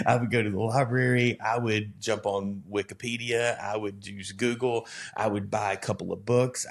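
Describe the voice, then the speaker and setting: A man from Alabama, a pastor in casual conversation who rambles and tells animated stories with self-deprecating humor. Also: fairly low pitch. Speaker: pastor and podcast co-host.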